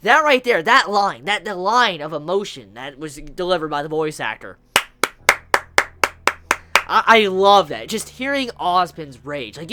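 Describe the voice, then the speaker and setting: A woman reviewing an animated series episode, gushing with excitement and swearing freely as she talks. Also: lowish voice. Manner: gushing, profane, emphatic.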